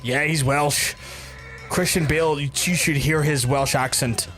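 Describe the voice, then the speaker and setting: A man's voice: a little high, fairly even intonation, unhurried, fairly bright tone, soft background music. An Irish man chatting to his stream while he plays, rambling, restarting and swearing freely. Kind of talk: casual gaming commentary.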